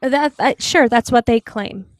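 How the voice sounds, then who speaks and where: A woman's voice: on the high side, unhurried, no echo, studio quality. A woman hosting a live online debate panel, blunt and sarcastic, scolding callers on a home microphone. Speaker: livestream host.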